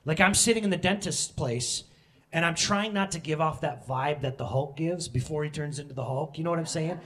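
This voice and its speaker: A man in his thirties preaching a sermon, candid and joking, with sudden loud emotional bursts. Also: a little high, a little fast. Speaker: pastor.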